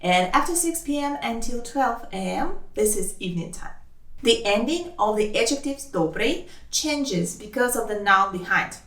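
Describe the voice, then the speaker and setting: A woman who speaks Russian natively, teaching a language lesson in English with slow, careful speech, saying each phrase twice. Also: a little high, lively intonation, a bit bright, distant mic. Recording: roomy, voice a bit off-mic.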